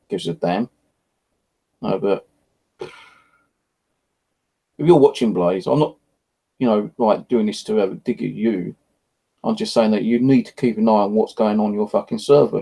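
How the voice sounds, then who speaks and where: Gravelly, rambling man venting. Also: lowish voice, mellow, rough recording. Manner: rambling, frustrated, swears often. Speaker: vlogger. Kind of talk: casual evening chat to camera. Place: at home, indoors.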